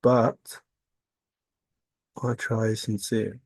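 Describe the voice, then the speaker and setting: A video blogger giving a rambling spiritual monologue, talking in an intense, repetitive way and swearing. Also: male voice, fairly low pitch, flat delivery, drawn-out words, a little mellow, dry recording.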